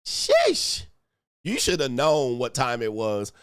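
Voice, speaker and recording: A man hosting a casual reaction commentary, animated and profane, with laughing asides. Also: medium pitch, normal speed, smooth, dry recording, clean studio sound. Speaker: commentary channel host.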